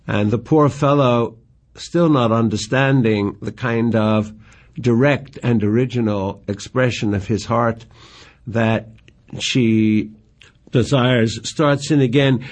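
A man giving a measured, admiring lecture on poetry. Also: mid-range voice, a little mellow. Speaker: literature lecturer.

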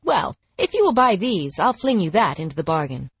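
Woman voicing a husky, wry sculptor, offhand and blunt. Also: on the low side, sing-song, moderate pace, no echo, heavily acted. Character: blunt, dry-witted male sculptor.

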